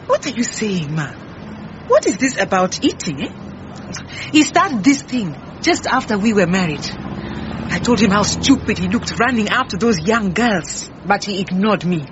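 An actress playing a proud, defensive head cook who talks brusquely. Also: female voice, medium pitch, sing-song, unhurried. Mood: wounded. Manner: brusque, indignant. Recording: muffled with faint hiss.

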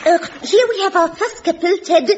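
A very high, perky hostess. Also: female voice, normal speed, a little hiss or hum. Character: perky young female game show hostess. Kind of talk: broadcast radio comedy sketch. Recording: dull old radio recording with loud studio audience laughter.

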